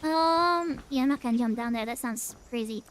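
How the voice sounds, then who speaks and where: A woman's voice: fairly high pitch, normal speed, a little hiss or hum. A woman streaming a game and chatting playfully, tired but upbeat, through a voice changer. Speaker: VTuber streamer. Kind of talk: casual gaming livestream chat.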